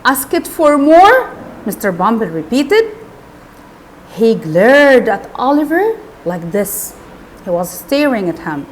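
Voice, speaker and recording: A woman's voice: mid-range voice, slow pace, slight background noise. A woman teacher, retelling a novel to schoolchildren and explaining words along the way. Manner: expressive, explains words to pupils.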